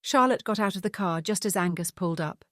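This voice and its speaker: A woman narrating an audiobook in a steady, even scripted reading. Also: medium pitch, fast talker, no room sound, studio quality.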